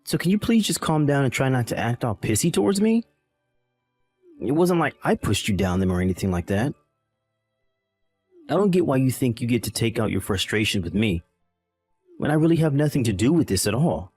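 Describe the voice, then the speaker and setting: A man's voice: mid-range voice, sing-song, brisk, long pauses, darkish tone, husky, faint music behind. A man playing a dismissive, callous young husband in a voiced text-message drama, irritated and condescending.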